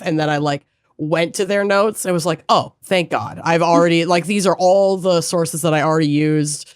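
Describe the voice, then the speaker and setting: A woman's voice: lowish voice, no room sound, clean studio sound. A woman co-hosting a podcast, chatting casually in a playful, self-deprecating way. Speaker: podcast co-host. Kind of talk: casual chat.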